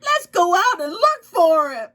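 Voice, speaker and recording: A woman voicing a worried squirrel and cat from a children's picture book in high, weepy voices. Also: very animated, measured pace, bright, forceful tone, heavily acted. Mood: tearful.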